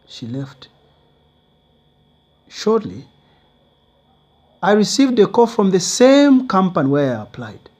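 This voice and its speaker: A man's voice: high voice, very animated, slow, pauses often, a little mellow. A man telling a motivational personal story in earnest, simple phrasing.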